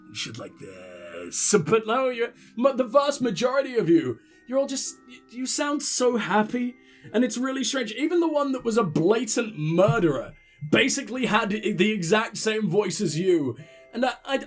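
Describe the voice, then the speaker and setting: A man hosting a let's play, rambling and sarcastic as he comments on the game and swears freely. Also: very high-pitched. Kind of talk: casual gaming commentary.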